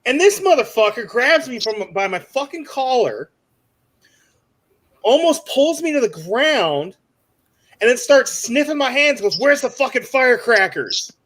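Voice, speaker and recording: Young man, high voice, animated swearing storyteller, casual panel chat. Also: measured pace, long pauses.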